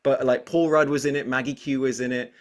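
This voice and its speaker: English guy in his forties, energetic talkative interview guest, animated storyteller. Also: medium pitch, brisk. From England. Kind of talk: casual interview chat.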